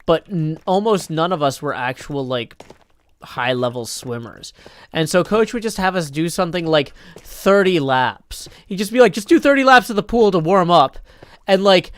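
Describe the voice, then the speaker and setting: A man's voice: on the high side, no echo. A man from Tennessee chatting casually on a live stream as he plays, telling rambling stories full of restarts and fillers. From Tennessee, United States. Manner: rambling storyteller, many "like"s and restarts. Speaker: live streamer playing a block-building game.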